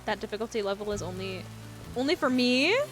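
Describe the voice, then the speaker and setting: A young woman in her twenties streams a game, reading chat and bantering casually and sarcastically with viewers, often giggling. Her medium-pitched voice is expressive and brisk, with faint house beats playing underneath.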